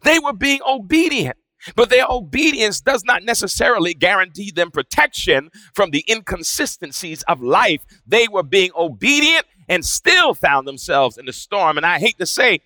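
A man preaching a sermon with dramatic swings between shouting and hushed, quiet passages. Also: high voice, very animated, moderate pace, no echo, rough recording.

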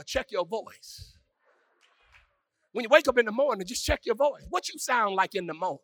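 A man's voice: high voice, lively intonation, moderate pace, long pauses, fairly bright tone, breathy edge, no echo. A man preaching a sermon who has listeners call words back to him.

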